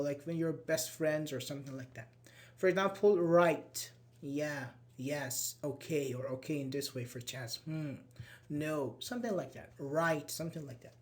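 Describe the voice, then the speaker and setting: Man teaching a casual grammar class. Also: fairly high pitch. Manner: explains patiently, acts out irritated example lines. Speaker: English teacher. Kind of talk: live online grammar class.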